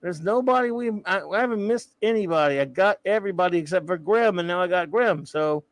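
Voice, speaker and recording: A man's voice: high-pitched, lively intonation, a little fast, no echo, poor audio. A man co-hosting a podcast in casual chat, rambling and joking between impressions. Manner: jokey, rambling, drops into impressions. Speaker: podcast co-host.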